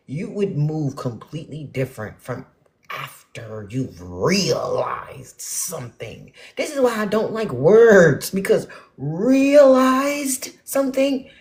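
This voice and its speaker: A young woman rants bluntly and profanely to her viewers, swinging between loud outbursts and muttered asides. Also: on the high side. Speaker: spiritual vlogger. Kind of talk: ranting casual monologue to viewers.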